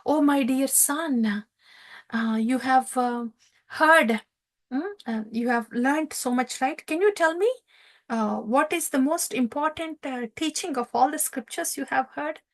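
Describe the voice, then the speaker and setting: A woman's voice: sits high, unhurried. A woman voicing a proud demon king who mocks and chides his young son. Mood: mocking. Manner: patronizing, chiding.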